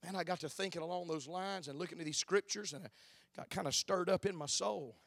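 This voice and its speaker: Male preacher, high tenor, emphatic and folksy, repetitive cadence, dry recording. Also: brisk, vocal fry, a bit bright, dry recording. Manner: folksy, emphatic, builds with repeated phrases and "uh" fillers. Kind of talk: church sermon. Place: church.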